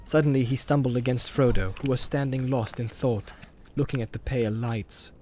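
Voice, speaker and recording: A man narrating a fantasy audiobook in a steady, measured storytelling voice. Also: medium pitch, a little hiss or hum.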